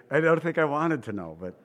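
A man's voice: fairly high pitch, fairly bright tone, lo-fi sound. A man preaching a sermon as pastor, in a conversational style full of rhetorical questions, now and then acting out the voices he quotes. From Italian family background.

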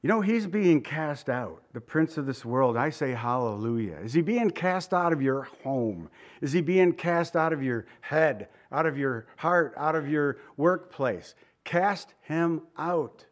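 Brief: male pastor, slightly higher voice, chatty sermon delivery with asides. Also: lively intonation. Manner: conversational, rhetorical asides, slows for emphasis.

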